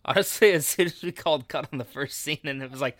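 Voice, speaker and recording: A man's voice: a little high, quick pace, a bit bright. A man guesting on a casual podcast, making joking, wry asides.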